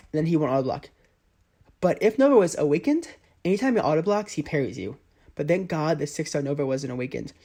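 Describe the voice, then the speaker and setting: A man's voice: on the high side, mellow. Exasperated young man commenting gameplay. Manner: frustrated, exasperated play-by-play. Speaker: gaming channel host.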